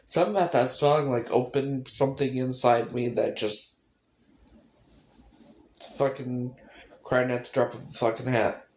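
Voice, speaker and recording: Woman talking to her phone, slow rambly emotional vibe, cusses a lot, roomy echo. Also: a bass voice, steady tone, a little mellow. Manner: rambling, emotional, swears often. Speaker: vlogger. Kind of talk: casual personal chat. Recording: echoey room.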